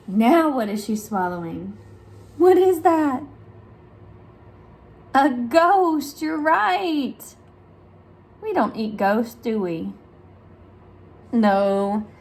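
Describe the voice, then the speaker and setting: Slow, sing-song woman speech therapist. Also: gravelly, a little mellow. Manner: slow, sing-song, with big exaggerated pitch jumps for praise; overarticulates sounds for young listeners. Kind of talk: reading a picture book aloud and quizzing children.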